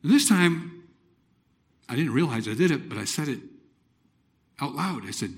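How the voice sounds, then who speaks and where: A middle-aged man preaching a personal testimony, telling it dramatically with loud exclamations and hushed, near-whispered moments. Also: mid-range voice, animated, a little slow, long pauses. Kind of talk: sermon testimony.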